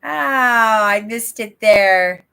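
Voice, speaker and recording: Slow-talking older woman hosting a livestream. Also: fairly high pitch, gravelly, sharp tone, clear, resonant tone. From Canada. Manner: chatty, reads viewer comments aloud, rambling asides, frequent "right?". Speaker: livestream host. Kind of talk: casual live chat reading comments.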